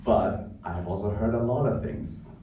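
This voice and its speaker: A man's voice: lowish voice, moderate pace, mellow, a little hiss or hum. Wry Hong Kong man telling a story. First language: Cantonese. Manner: wry, self-mocking, laughing at himself. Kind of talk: live stage storytelling. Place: club stage before an audience. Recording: echoey stage sound from a distance.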